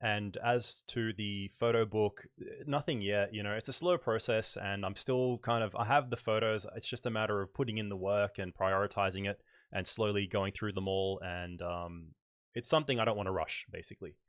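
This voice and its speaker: An Australian man with a light accent hosting a casual photography livestream, chatting in a relaxed way and thinking aloud with fillers. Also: on the low side, moderate pace, smooth, dry recording, studio quality.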